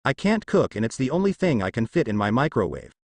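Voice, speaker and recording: A man's voice: medium pitch, very animated, quick pace, a little mellow, dry recording. A man reading a brash young ninja boy. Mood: excited.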